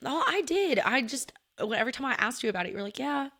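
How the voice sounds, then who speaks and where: A woman co-hosting a book podcast in casual chat, animated and joking. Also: a little high, very fast. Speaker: podcast co-host.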